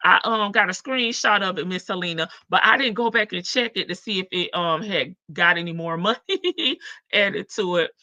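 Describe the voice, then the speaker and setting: A woman's voice: mid-range voice, moderate pace, bright, forceful tone, no room sound. A woman hosting a casual livestream, reading chat comments aloud and chatting with viewers. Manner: chatty, reads comments aloud, laughs often.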